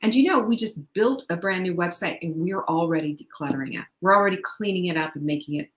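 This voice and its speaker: A woman's voice: on the low side, quick pace. A middle-aged woman hosting a motivational talk, chatty and upbeat, who laughs often and asks the listener questions. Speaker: host. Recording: echoey room.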